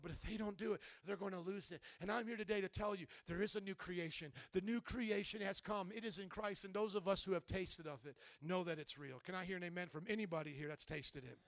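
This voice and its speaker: A male pastor delivers a sermon in a high, impassioned voice. He presses the congregation with direct questions. The sound is dry, with no reverb. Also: creaky, fairly bright tone.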